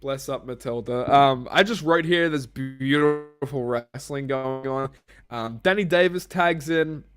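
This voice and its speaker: A man's voice: mid-range voice, measured pace, a bit bright, clear, resonant tone, soft background music. A man co-hosting a casual podcast, rambling and swearing freely as he laughs at himself. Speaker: podcast co-host. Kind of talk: casual chat.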